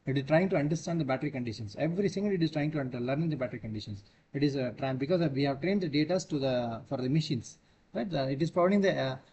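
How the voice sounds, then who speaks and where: A man lecturing a class in quick, checking in with "right?" at every turn. His pitch sits in the middle range and he restates points over and over. Faint room noise hums behind him. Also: darkish tone, lo-fi sound. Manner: repetitive, asks "right?" after each point.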